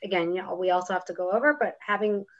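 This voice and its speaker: A woman's voice: lowish voice, fairly even intonation, fast, a bit bright. A woman student in an online class, speaking thoughtfully and hesitantly about how she learns. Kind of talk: casual discussion. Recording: dull lo-fi audio.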